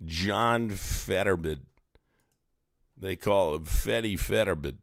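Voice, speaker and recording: A man's voice: sits low, takes it slowly, gravelly, dry recording, clean studio sound. Profane, mocking streamer man. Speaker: live streamer host. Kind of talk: casual ranting livestream commentary.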